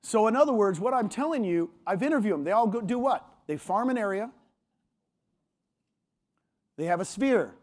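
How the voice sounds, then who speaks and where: A man, a motivational speaker at a real estate conference, giving an energetic stage talk with punchy, emphatic delivery. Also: high voice, normal speed, long pauses. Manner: punchy and emphatic, often quoting others in a raised voice. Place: large conference hall.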